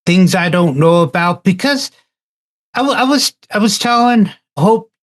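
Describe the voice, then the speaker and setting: A man in a casual roundtable discussion, telling a story in a halting way and often repeating words. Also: sits high, lively intonation. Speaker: roundtable participant.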